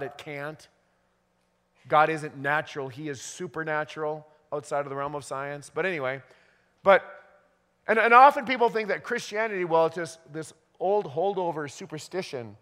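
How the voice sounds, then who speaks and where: A man's voice: on the high side, a bit bright, big-room sound. A male pastor giving a conversational sermon, often restarting his sentences as he talks through a psalm. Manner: conversational preaching with frequent restarts.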